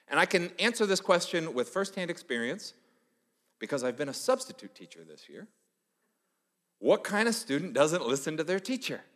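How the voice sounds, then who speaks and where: A man preaching in a church, his voice sitting a little high for a man and trailing a long reverb through the hall. He tells stories with energy and slips into the voices of the people he quotes. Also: moderate pace. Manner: animated storytelling, acting out quoted voices. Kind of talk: sermon.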